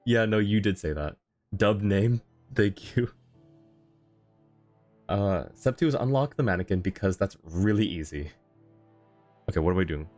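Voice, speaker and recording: A man's voice: deep voice, lively intonation, a little slow, long pauses, darkish tone, faint music behind. A man streaming a game in casual chat, effusively thanking viewers and laughing often. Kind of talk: casual live-stream chat while gaming.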